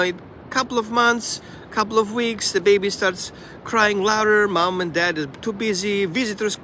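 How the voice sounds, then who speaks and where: Brief: animated male dog trainer, bright voice, talking outside with faint traffic behind him. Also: sits high. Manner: animated, acts out the dog and owners in quick asides. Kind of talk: casual live stream monologue.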